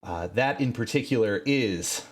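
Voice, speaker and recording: A man narrating as game master of a tabletop game, measured and dramatic, with frequent fillers. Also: mid-range voice, expressive.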